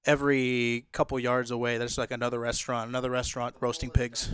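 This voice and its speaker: A man's voice: medium pitch, monotone, fast, a bit bright, clear, resonant tone, no echo, clean studio sound. A male streamer in a laid-back, rambling chat with a co-streamer, full of hesitations and fillers. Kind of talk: casual chat on a collab stream.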